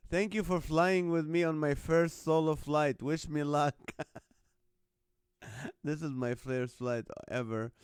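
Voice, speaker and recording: A man's voice: a little high, fairly even intonation, slow pace, long pauses, clean tone, dry recording, studio quality. A man hosting a live stream, reading out viewers' jokes and laughing often between lines. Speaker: host.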